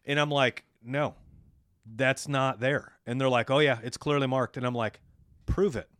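A man's voice: medium pitch, steady tone, normal speed, fairly bright tone, no echo, clean studio sound. A man co-hosting a business podcast, telling stories and then giving blunt advice to business owners. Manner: storytelling, coaching business owners. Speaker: podcast co-host. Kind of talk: casual business podcast chat.

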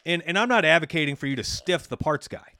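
A man's voice: on the high side, expressive, quick pace, bright, forceful tone, dry recording. Dry-voiced man co-hosting a podcast. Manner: storytelling, coaching business owners. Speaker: podcast co-host. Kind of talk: casual business podcast chat.

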